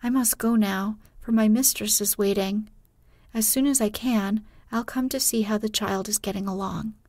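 A woman reading a brisk, pushy aunt. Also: mid-range voice, steady tone, darkish tone, dry recording, clean studio sound, natural voice. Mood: apologetic. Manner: polite but pushy. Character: brisk, bold young aunt servant.

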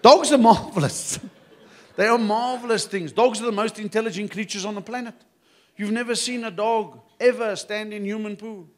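A South African man works a live comedy crowd with a fairly high voice. He talks in short punchy lines and slips in quick asides to the audience. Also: slight background noise. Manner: punchy, conspiratorial asides to the crowd, mock accents. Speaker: stand-up comedian.

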